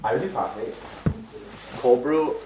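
A man's voice: medium pitch, unhurried, noisy background. A man chatting casually as a guest at his home, talking in a loose way with many fillers. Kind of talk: casual chat. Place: apartment at home.

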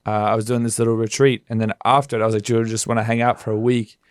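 A man's voice: on the low side, little pitch movement, racing, no room sound. Laid-back man, dry close sound. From Australia. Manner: laid-back, swears casually, uses quirky pet names. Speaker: podcast guest. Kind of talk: casual chat.

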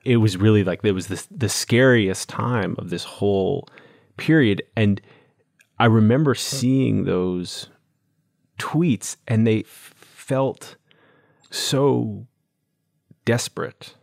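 A man hosting a podcast interview, talking in a halting way and searching for his words. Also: lowish voice, gravelly, darkish tone, dry recording, studio quality. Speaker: podcast host. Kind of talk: conversational interview.

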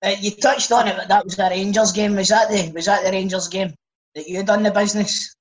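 A man hosting a podcast, asking relaxed questions and swearing casually. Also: high voice, a little fast, low-quality recording. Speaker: podcast host. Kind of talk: casual chat.

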